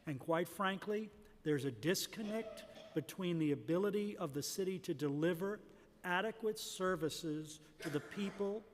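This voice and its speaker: A middle-aged man, a commission member, making long earnest remarks at a public hearing. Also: fairly high pitch. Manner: rambling, earnest, long run-on sentences. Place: large city hall hearing room. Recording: reverberant hall.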